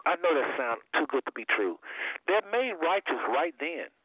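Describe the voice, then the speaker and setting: Male call-in host preaching emphatically, lively pitch, slightly high, dry tinny phone audio. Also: moderate pace, slightly rough, dry recording. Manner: emphatic, repeats key phrases.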